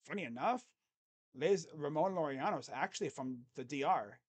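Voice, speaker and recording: A young man doing live fan play-by-play, chatty and rambling, jumping to excited calls on each pitch. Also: brisk.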